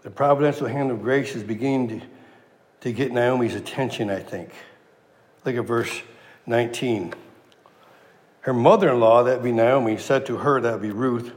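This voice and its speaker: A man's voice: medium pitch, moderate pace, pauses often. Man preaching in an echoing hall. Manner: animated, acts out quoted lines with inflection. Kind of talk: sermon.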